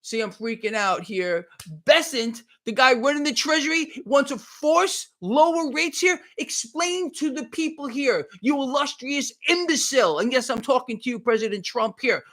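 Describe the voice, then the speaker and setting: A man's voice: very high voice, expressive, normal speed, a bit bright. A middle-aged man doing a live market commentary, heated and sarcastic, often repeating himself as he rants.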